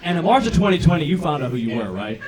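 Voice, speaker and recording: A man in his thirties performing a stand-up set on a comedy club stage, with an animated, self-deprecating, punchy delivery into a handheld mic. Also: a little high, very fast. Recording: live club recording with crowd laughter. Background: audience laughter.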